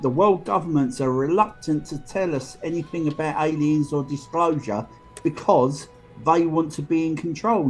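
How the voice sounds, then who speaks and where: A man's voice: on the high side, darkish tone. A man who is a regular guest on a podcast, talking bluntly and jokily, swearing freely. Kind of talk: casual podcast banter.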